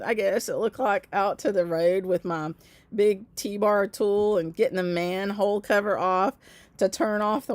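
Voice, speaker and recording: A middle-aged woman, casually telling viewers a long story, with laughing asides and lively quoting of others. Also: mid-range voice, no room sound. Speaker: craft channel host.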